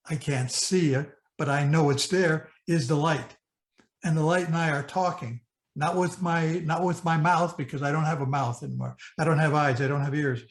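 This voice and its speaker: A man's voice: fairly high pitch, echoey room. A man in his eighties from Michigan, telling a personal experience in an earnest, vivid present tense with frequent restarts. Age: 80s. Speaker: speaker sharing a personal experience. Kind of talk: personal storytelling talk.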